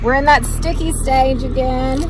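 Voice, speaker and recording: A middle-aged woman with a drawl talks easily and at length, wandering off into side stories and poking fun at herself. She sounds at home and unhurried, like a farm vlogger chatting to her viewers. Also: high-pitched, fairly even intonation, background noise. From North Carolina. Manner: chatty, rambling, self-teasing. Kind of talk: casual vlog chat to camera. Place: outdoors on a muddy farm, then a home kitchen.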